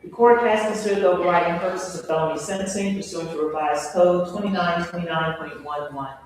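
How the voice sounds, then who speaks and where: A man presiding as judge, measured and formal, reading legal wording plainly. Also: high voice. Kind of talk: formal courtroom proceedings. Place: large echoey courtroom. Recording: echoey courtroom from far off, faint hum.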